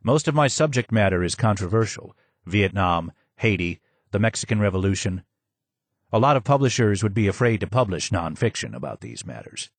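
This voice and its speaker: A man voicing a gentle, courteous old novelist. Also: on the low side, big pitch swings, a little fast, dry recording, voice pushed down.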